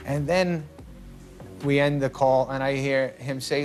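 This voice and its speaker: A man, a guest on a talk show, telling comic family stories with lively shouted quotes. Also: normal speed, soft background music. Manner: animated, jumps into high shouted voices for quotes. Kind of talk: comedic storytelling.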